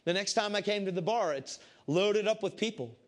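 A man with a somewhat high-set voice tells a Christian testimony in casual, everyday talk. He is animated and swings from bursts of loud excitement to hushed, intense stretches. He keeps saying "I said" as he tells it. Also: moderate pace. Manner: casual, repeats "I said" often. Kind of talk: testimony storytelling to a crowd.

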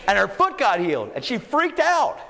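Male preacher, lively swooping delivery, recorded in a reverberant hall. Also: high-pitched, normal speed, vocal fry. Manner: animated, building to shouts. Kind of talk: storytelling sermon.

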